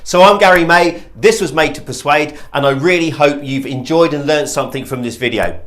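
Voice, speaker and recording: A man gives a sales training lesson in a direct, emphatic way. His voice sits a little high for a man, and he acts out example tones to make his points. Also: brisk, fairly bright tone. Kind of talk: instructional video talk.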